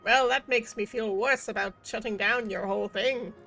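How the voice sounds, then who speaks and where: A woman's voice: medium pitch, fairly even intonation, moderate pace, pushed and bright, soft background music. A woman streaming a game, rambling in casual commentary with goofy wordplay and self-mocking jokes.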